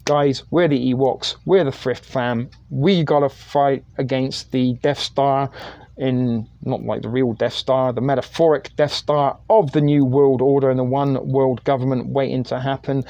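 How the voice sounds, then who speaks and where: A man's voice: mid-range voice, steady tone, measured pace, dark tone, no echo. A man hosting a livestream in casual chat, rambling, joking and swearing freely. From United Kingdom. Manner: rambling, jokey and profane. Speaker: livestream host.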